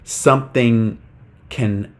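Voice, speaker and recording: A man's voice: mid-range voice, fairly even intonation, very slow. A young man teaching a live online English lesson, talking casually to the chat with lots of fillers.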